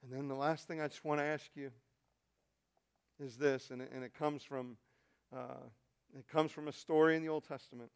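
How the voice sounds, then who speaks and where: A male pastor preaching a sermon, telling a story and swinging from quiet, intimate asides to loud, shouted peaks. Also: mid-range voice, steady tone, moderate pace, creaky, long pauses, clear, resonant tone.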